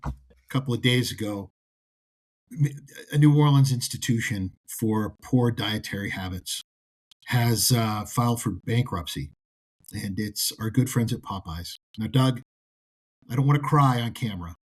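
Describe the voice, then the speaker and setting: A man from the American South co-hosts a relaxed trade podcast. His voice is husky and fairly low, and he talks in a joking, playfully dramatic way. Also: measured pace. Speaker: co-host. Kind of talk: casual podcast chat.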